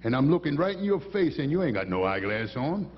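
A man's voice: a little high, big pitch swings, fairly quick, dull audio, voice pushed up. A man voicing a fat, bossy male Cajun deputy sheriff who speaks in drawling, broken grammar, with a Cajun accent. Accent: Cajun English.

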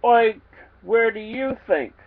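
A man's voice: extremely high pitch, expressive, takes it slowly, phone-quality sound, voice pushed up, heavily acted. A man voicing a greedy, cheeky little male pig who grunts, slurps and rhymes.

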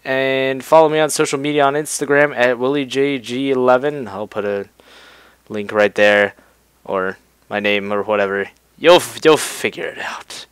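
A young man giving excitable gaming commentary, yelping and reacting to the game as he plays at his computer. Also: medium pitch, normal speed, clean tone, no room sound. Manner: excitable, yelps and laughs at the game. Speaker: gameplay youtuber. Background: gunfire from the game.

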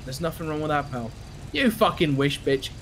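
A man's voice: a little high, lively intonation, moderate pace, fairly bright tone, slight background noise. A man in a put-on British accent, brash and profane while roleplaying in a game. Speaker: player.

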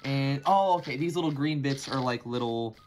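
A man's voice: mid-range voice, moderate pace, darkish tone, faint music behind. A man giving casual commentary on a toy build, rambling and joking as he goes. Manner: rambling, joking, easily sidetracked.

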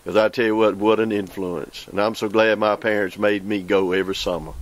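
A man from the southeastern United States with a Southern American accent preaches an informal, story-filled sermon. His voice is on the low side and a little fast, and he's exuberant, exclaiming and repeating words when excited.

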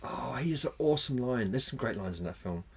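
A man's voice: medium pitch, animated, quick pace, gravelly, breathy edge. A man co-hosting a podcast in casual chat, rambling, swearing freely and searching for names mid-sentence. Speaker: podcast co-host.

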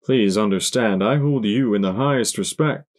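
A man voicing a calm, courteous male pony villain who speaks softly and politely in an audiobook. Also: fairly low pitch, close to an everyday voice. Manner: soft, polite, measured.

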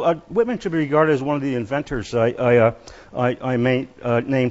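A male literature lecturer leads a poetry class in a halting way, full of fillers, false starts and restarts. His voice is at an ordinary middle pitch with a somewhat dark tone, and the recording sounds slightly muffled and dull.

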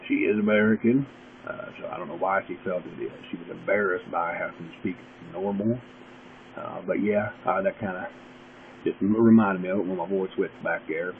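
Casual vlogger: man with a low drawl, meandering and opinionated, recorded on thin phone-like audio with faint hiss. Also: steady tone, normal speed. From West Virginia. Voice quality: drawling, gurgly voice. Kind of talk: casual rambling monologue.

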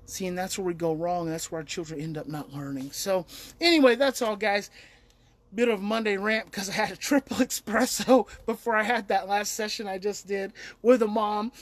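Middle-aged guy, kinda high voice, ranting casually about parenting, emphatic and laughing a lot. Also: normal speed, no echo. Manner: animated, emphatic, laughs often. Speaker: parenting educator. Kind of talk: casual monologue to camera.

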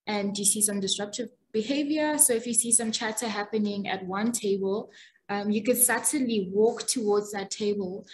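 A woman's voice: mid-range voice, a little mellow, slight background noise, poor audio. A woman facilitator presenting a webinar lesson, explaining steadily with frequent ums and small restarts. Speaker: workshop facilitator. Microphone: video call.

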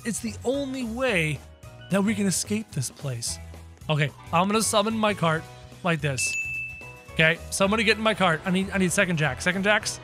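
A man doing excitable casual gameplay commentary, talking straight to his viewers. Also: high-pitched, normal speed, over music. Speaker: gaming YouTuber.

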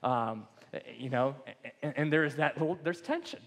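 A man's voice: a little high, animated, normal speed. A man preaching a sermon as pastor in a loose, joking, conversational way. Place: church sanctuary. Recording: long church hall reverb.

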